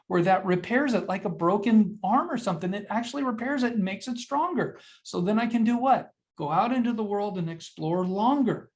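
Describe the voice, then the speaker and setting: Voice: medium pitch, animated, moderate pace, few pauses, darkish tone. An older presenter giving an earnest, conversational webinar lecture, often posing rhetorical questions to the audience and answering them. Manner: teaching with frequent rhetorical questions; earnest and conversational, addresses listeners directly. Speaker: webinar presenter on mental health.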